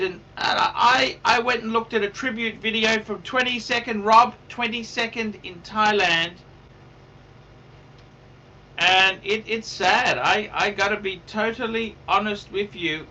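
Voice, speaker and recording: A man's voice: high voice, measured pace, sharp tone, distant mic, poor audio. A man hosting a livestream in casual chat, rambling, repeating himself and swearing. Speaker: livestream host.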